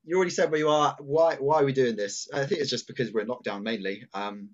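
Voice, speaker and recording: A man's voice: medium pitch, fast. Laid-back young man on dull audio. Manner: laid-back, teasing, laughs often. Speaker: podcast co-host. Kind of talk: casual chat. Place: home in East London.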